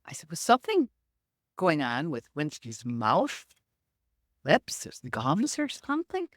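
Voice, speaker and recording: A woman's voice: low-pitched, unhurried, no echo, clean studio sound. A middle-aged woman, a medium and podcast guest, telling anecdotes in an interview and acting out the quoted dialogue. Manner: animated, acts out quoted dialogue.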